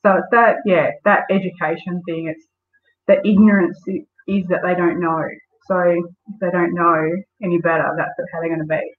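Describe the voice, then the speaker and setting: A woman's voice: fairly low pitch, level tone, moderate pace. Woman on a tinny call line. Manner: storytelling, lots of fillers. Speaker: guest. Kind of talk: casual interview. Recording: tinny phone-like call audio.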